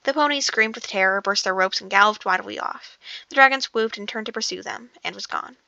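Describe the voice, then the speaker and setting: A woman's voice: medium pitch, a little fast, creaky, sharp tone, no echo, highs cut off. A woman casually reading a novel aloud, often stumbling over words, restarting sentences and breaking off for joking asides. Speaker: audiobook reader.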